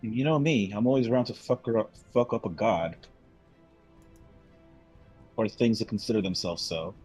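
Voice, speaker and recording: A man's voice: lowish voice, moderate pace, a little mellow, husky, faint music behind. A man playing a character in a tabletop game, brash and joking, swearing casually. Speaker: player. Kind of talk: in-character tabletop role-play.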